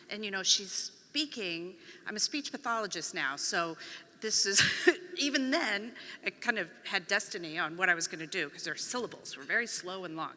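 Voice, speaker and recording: A woman's voice: mid-range voice, normal speed. A middle-aged woman giving a storytelling talk on stage, acting out the voices of the people in her story. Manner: animated, acts out quoted voices. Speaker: conference speaker; speech pathologist. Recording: long reverb of a hall.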